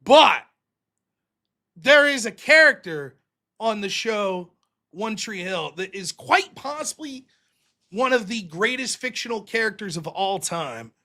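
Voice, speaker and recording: A man's voice: high-pitched, very animated, takes it slowly, pushed and bright. A man hosting a livestream, talking casually in a rambling, profane, jokey way. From United States. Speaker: livestream host.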